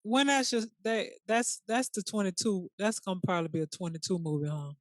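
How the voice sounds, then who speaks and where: A podcast co-host chatting casually in a sassy, colloquial way, quick to react. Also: mid-range voice, dry recording. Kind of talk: casual chat.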